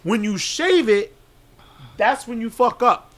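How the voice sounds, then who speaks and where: Man, podcast co-host: high, bright voice, profane, animated storyteller who acts out the quotes. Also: takes it slowly.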